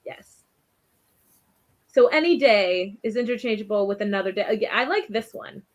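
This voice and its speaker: A woman's voice: medium pitch, lively intonation, normal speed. A woman hosting a casual reading stream, teasing her co-hosts and giggling often. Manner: giggly, teasing, reads definitions aloud. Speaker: host of a reading sprint stream. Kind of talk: casual chat.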